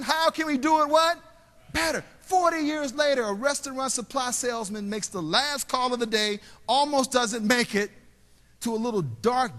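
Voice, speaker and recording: Man, keynote speaker, high voice, big echoing convention hall, call-and-response storytelling. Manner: preacher-like call and response with the audience; storytelling, drops quiet and soft for emotional parts. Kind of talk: motivational keynote speech. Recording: long hall reverb, live stage.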